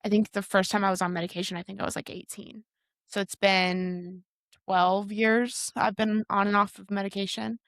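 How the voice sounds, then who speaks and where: A woman's voice: medium pitch, level tone, normal speed, no room sound. A woman in her thirties co-hosting a podcast, talking frankly and reflectively. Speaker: podcast co-host. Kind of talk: casual chat.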